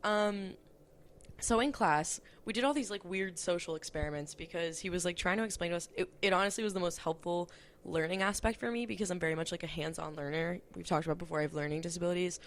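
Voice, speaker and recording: A young woman hosting a podcast, telling stories in a chatty, casual way, swearing freely and saying "like" a lot. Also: fairly low pitch. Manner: chatty, profane, lots of "like". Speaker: podcast host. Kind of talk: casual storytelling monologue.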